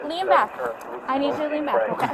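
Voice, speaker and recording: High-voiced lady cop saying the same thing over and over, steady, loud crowd behind. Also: fast talker. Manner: calm, repetitive coaxing commands. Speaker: police officer. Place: outdoors on a city street. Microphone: police body camera. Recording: bodycam audio with loud crowd.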